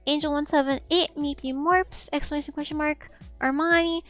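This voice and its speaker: A young woman with a high voice chats loosely on a live stream, giggling, tripping over her words and tossing in casual swears. Faint game music plays behind her. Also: steady tone, normal speed, fairly bright tone, dry recording. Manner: rambling, stammering repeats, giggly, swears casually.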